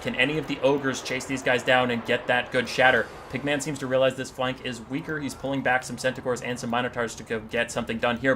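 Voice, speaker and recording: A man casting a strategy game battle, telling the story in an animated, jokey way with quick asides. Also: mid-range voice, noisy background. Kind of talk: casual game commentary and storytelling.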